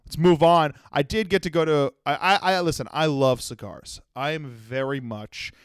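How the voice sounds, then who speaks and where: A man's voice: on the high side, moderate pace, clear, resonant tone, no room sound. A man in his twenties hosting a solo comedy podcast, telling rambling, profane stories. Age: 20s. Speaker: podcast host.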